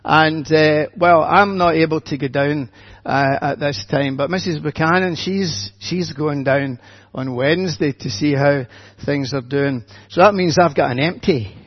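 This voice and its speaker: An older man, a minister giving a gentle, chatty children's talk in church with light humour. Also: fairly high pitch, unhurried, highs cut off.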